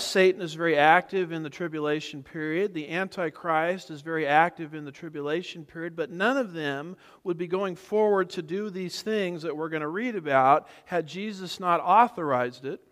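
A man's voice: fairly high pitch, normal speed. A man preaching an expository sermon, teaching emphatically and driving home repeated points. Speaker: pastor. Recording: reverberant hall.

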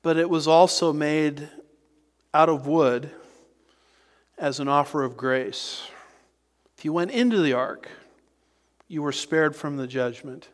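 Slow, earnest preacher in a reverberant hall. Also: male voice, on the high side. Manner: earnest, emphatic preaching with dramatic pauses. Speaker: pastor. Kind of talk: expository sermon.

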